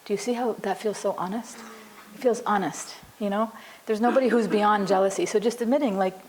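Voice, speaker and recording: A woman's voice: mid-range voice, steady tone, brisk, a little mellow, slight background noise, poor audio. A woman psychologist teaching a class, explaining earnestly in a conversational way with lots of "you know" and acted example dialogues. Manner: frequent "you know" and restarts.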